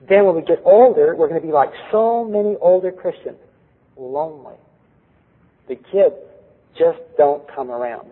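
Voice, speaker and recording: A man's voice: on the high side, slightly rough. A middle-aged man preaching a sermon, earnest, asking the audience rhetorical questions. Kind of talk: sermon with personal story. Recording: tinny lo-fi recording with long hall reverb.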